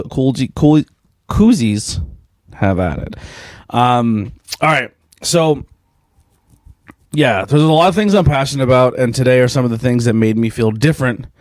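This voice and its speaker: A man in his thirties talks through his podcast in a loose, rambling way, peppering it with swearing and fillers. His voice sits at an ordinary middle pitch. The sound is dry and close, with no room around it. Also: a little mellow, dry recording. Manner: rambling, profane, laid-back, lots of fillers. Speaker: podcast host. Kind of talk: casual solo podcast chat.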